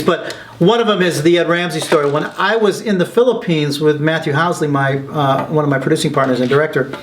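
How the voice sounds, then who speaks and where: There's slight background noise as this man, a documentary filmmaker in an interview, recounts stories with plenty of energy. His voice is fairly high, and he gets excited, quoting people in animated, lively voices.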